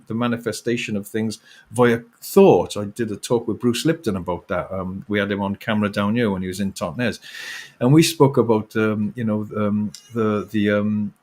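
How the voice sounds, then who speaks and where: A middle-aged author, appearing as an interview guest, rants passionately, swearing and breaking into bursts of laughter. His voice is fairly low, a little mellow, with a breathy edge.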